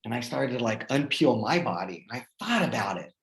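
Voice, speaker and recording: Gravelly man telling a heartfelt story. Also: mid-range voice, sing-song, a little fast. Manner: earnest, heartfelt, filler-heavy with lots of "like". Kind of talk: casual personal storytelling. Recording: roomy echo.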